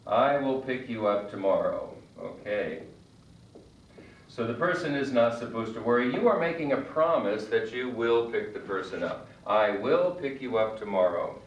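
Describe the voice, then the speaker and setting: A man's voice: mid-range voice, recorded from a distance, dull audio, a little hiss or hum. Man teaching English in an echoey room. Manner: slow, deliberate example sentences with repetition. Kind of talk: grammar lesson at a whiteboard. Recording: echoey room, voice a bit off-mic.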